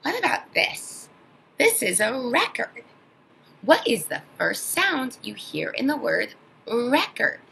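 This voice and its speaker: A woman teaching an online phonics lesson to young children, sounding out words slowly and with exaggerated emphasis. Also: on the high side, big pitch swings, creaky, bright, forceful tone, slight background noise, rough recording.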